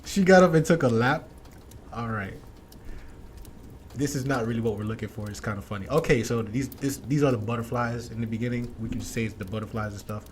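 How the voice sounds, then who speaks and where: A man's voice: mid-range voice, fairly quick, slight background noise. A man hosting a casual reaction commentary, blunt and wry, talking slangily to his viewers. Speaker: commentary host.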